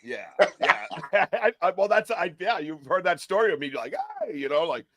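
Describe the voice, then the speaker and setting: A man hosting a casual chat podcast, animated and laughing often as he acts out other people's lines. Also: high-pitched, normal speed, very noisy. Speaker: podcast host.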